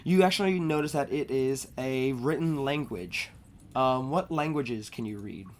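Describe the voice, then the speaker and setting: A woman's voice: extremely low pitch, a little slow, a little mellow. A woman narrating a tabletop game as game master, with a scratchy throat and a hesitant delivery full of fillers. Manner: hesitant, many fillers and restarts.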